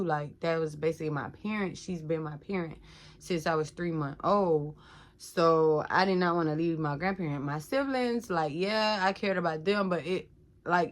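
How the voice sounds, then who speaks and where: A young adult woman from Georgia, telling her life story casually to viewers, with lots of "like" and "y'all.". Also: deep voice. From Georgia, USA. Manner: talkative, frequent "like" and "y'all" addressing viewers.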